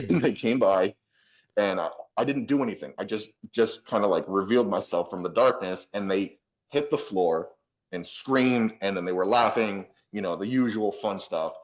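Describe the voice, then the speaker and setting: A man's voice: lowish voice, normal speed. A man guesting on a podcast, telling stories in a chatty way with many fillers. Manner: chatty, many fillers, acts out voices in anecdotes. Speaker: podcast guest, haunt actor. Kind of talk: casual storytelling. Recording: dull lo-fi sound.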